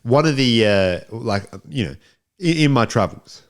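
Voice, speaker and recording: A man's voice: medium pitch, expressive, moderate pace. An Australian man co-hosting a film review podcast in casual chat, often repeating and restarting his words.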